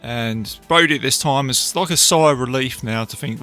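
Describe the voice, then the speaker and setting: A man hosting a podcast, casually retelling a film with animated asides to his listeners. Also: medium pitch, normal speed, faint music behind. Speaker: podcast host reviewing a film. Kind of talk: casual film review talk.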